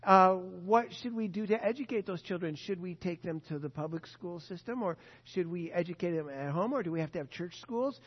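A man's voice: high-pitched, expressive, a little fast, hardly any pauses, husky. A man preaching a sermon, earnest and emphatic, repeating his key points. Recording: dull lo-fi sound with long hall reverb.

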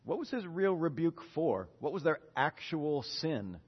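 A middle-aged male pastor delivers an animated sermon, firing questions at the congregation and playing out prayers in his own voice. His voice sits a little high, and it rings out with a long hall reverb. The sound is muffled and lo-fi. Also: unhurried, slightly rough.

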